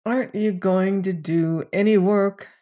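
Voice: mid-range voice, steady tone, unhurried, dark tone, natural voice. An audiobook narrator voicing an irritable, snappish young male medical student in a storybook reading. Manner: snappish, sly.

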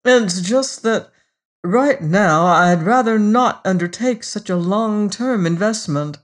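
A fussy male devil haggles over a soul, voiced lightly by a storybook narrator. He sounds hesitant and peevish, and his lines are slow and careful. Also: medium pitch, lively intonation, voice pushed up. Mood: fussy, uneasy. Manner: hesitant, then brisk and peevish. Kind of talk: storybook reading.

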